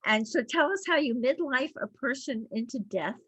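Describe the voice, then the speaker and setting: A woman hosting a podcast interview, affirming her guest with soft fillers. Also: sits high, expressive, moderate pace, slightly rough, no echo. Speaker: podcast host.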